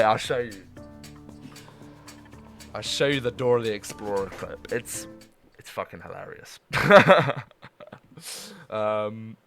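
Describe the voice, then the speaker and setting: A young man in his twenties chatting casually on a gaming stream, rambling, swearing and laughing as he talks. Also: mid-range voice.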